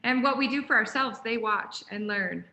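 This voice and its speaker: A woman's voice: a little high, normal speed, bright, forceful tone, echoey room, dull audio. A woman guest in a casual chat, agreeing readily and laughing often.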